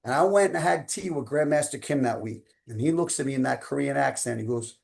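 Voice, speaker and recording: A man's voice: mid-range voice, brisk, creaky, a little mellow. A man in his fifties, a coach telling a motivational story with emphatic, casual phrasing. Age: 50s. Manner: emphatic, casual slang such as man and dude.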